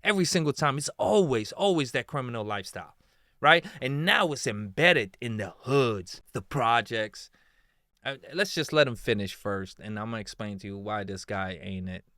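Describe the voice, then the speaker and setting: A man's voice: medium pitch, lively intonation, normal speed, sharp tone, no room sound, clean studio sound. A man giving heated reaction commentary, swearing often and firing off rhetorical questions.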